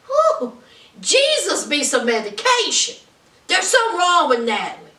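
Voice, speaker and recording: A woman's voice: very high voice, measured pace, reverberant, recorded from a distance. A woman recapping a reality show in casual, gossipy commentary, acting out what people said. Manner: animated, gossipy, acts out quotes. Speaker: reality TV reviewer.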